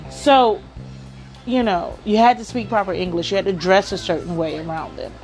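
A woman's voice: medium pitch, moderate pace, a little mellow, faint music behind. A woman hosting a podcast, giving advice in a chatty storytelling way and often saying "you know.". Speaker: podcast host. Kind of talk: casual advice monologue.

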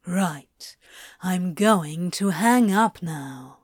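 Woman doing a male demon, low, husky, rich and smooth, slow, coaxing. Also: expressive, no room sound, clean studio sound, full character voice.

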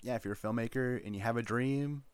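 A man's voice: mid-range voice, quick pace, crowd noise. A man co-hosting a podcast, easygoing and encouraging in casual chat. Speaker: podcast co-host.

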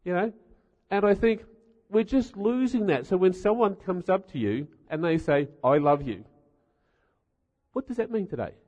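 A man's voice: high voice, lively intonation, moderate pace, few pauses, a little mellow. A middle-aged man giving a humorous sermon, telling stories with wry rhetorical asides. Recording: dull sound in a reverberant hall.

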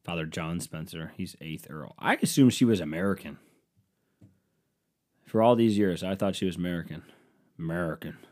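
A man's voice: low voice, normal speed, pauses often, a little mellow. A man doing a rambling comic monologue, sarcastic and profane with mocking asides.

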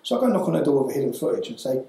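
An English man, a guest in an interview, tells his story in a heated, fervent, pressing way, tagging lines with "yeah?". His mid-range, dark voice races with great animation, and the low-quality recording is very echoey.

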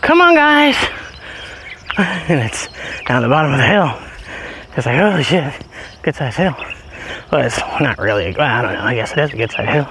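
A man chatting casually as he walks his dogs up a hilly road outdoors, a bit out of breath, now and then calling the dogs in a high sing-song voice. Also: sing-song, normal speed, background noise. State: out of breath from walking uphill. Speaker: podcast host. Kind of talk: casual walking vlog.

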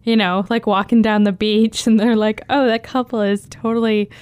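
Smooth-voiced young woman rambling casually. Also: fairly high pitch, flat delivery, normal speed, a little mellow, no echo. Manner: rambling, hedging with "like" and "whatever", swears casually. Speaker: podcast co-host. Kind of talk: casual movie chat.

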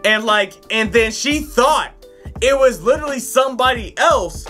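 A man, co-hosting a casual podcast, telling stories in an animated, profane way. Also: extremely high pitch, normal speed, music in the background. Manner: animated storytelling, swears a lot, acts out voices loudly. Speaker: podcast co-host.

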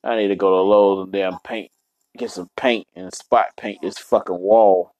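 A man's voice: sits low, steady tone, normal speed, a little mellow, no echo, highs cut off. A young man hosting his own podcast alone at home, rambling bluntly and swearing constantly in casual talk. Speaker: podcast host. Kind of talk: casual solo podcast rant. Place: apartment room.

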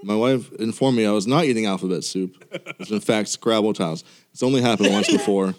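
A man co-hosting a casual chat, telling deadpan jokes and laughing loudly. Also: on the low side, fairly quick. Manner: jokey, deadpan punchlines, big laughs.

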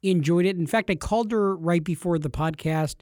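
High-voiced joking podcast co-host. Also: male voice, brisk, a little mellow, no echo, clean studio sound. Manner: joking, teasing, playful. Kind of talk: casual chat.

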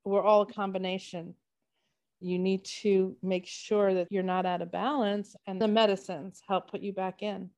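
A woman's voice: mid-range voice, flat delivery, normal speed, a little mellow. A woman co-hosting a podcast, chatting casually and telling long rambling stories. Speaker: podcast co-host. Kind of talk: casual chat.

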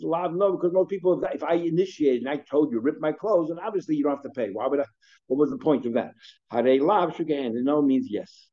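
A man gives a relaxed daily Talmud lesson, thinking out loud, often restarting his sentences and weaving in Hebrew and Aramaic terms. His voice is mellow and dark. The recording sounds dull and muffled. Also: medium pitch. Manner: conversational, thinking aloud with frequent restarts; mixes Hebrew and Aramaic terms into English explanation. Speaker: Talmud teacher. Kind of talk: daily Talmud class lecture.

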